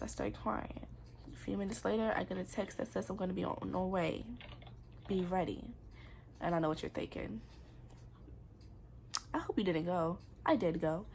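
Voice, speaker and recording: Speaking with a creaky, medium-pitched voice, this young adult vlogger shares a personal story earnestly and candidly, sprinkling in casual slang. There's slight background noise.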